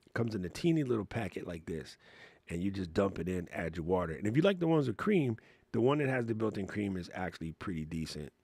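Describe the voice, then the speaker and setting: A man's voice: sits low, expressive, fast talker, vocal fry, darkish tone, breathy edge, no echo. A man hosting a casual livestream Q&A, telling stories in a laid-back, slangy way and laughing often. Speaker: host answering live chat questions.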